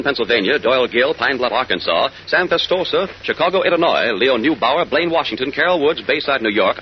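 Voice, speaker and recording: A man announcing on an old radio show, reading out a list in a brisk, rhythmic way. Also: medium pitch. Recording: dull hissy old radio recording.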